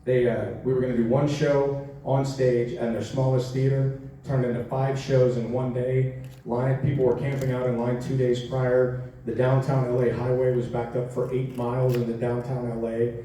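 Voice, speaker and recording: At a convention panel, a man in his forties with a medium-pitched voice fields fan questions at a moderate pace. He's an actor and guest who tells stories animatedly, acting out quotes and laughing often. The recording is distant and echoey in a large hall, with faint noise.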